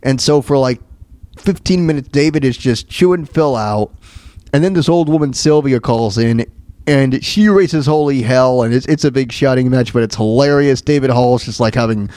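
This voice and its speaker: A man's voice: mid-range voice, darkish tone, no echo. A man hosting a radio show, casually recapping old comedy bits in a rambling way, with many fillers and chuckles.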